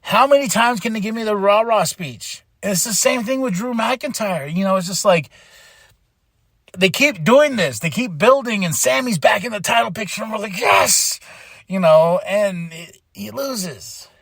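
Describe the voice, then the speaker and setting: A man's voice: high voice, expressive, moderate pace, gravelly, a bit bright, dry recording. A man hosting a podcast, recapping in a casual, emotional, rambling way with lots of restarts. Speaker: podcast host.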